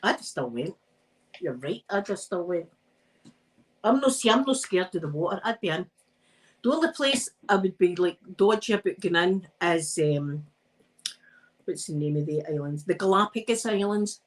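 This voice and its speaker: A woman's voice: fairly low pitch, animated, normal speed, rough recording. A Scottish woman chatting on a live stream while she irons, telling rambling stories and laughing often. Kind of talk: casual chat while ironing.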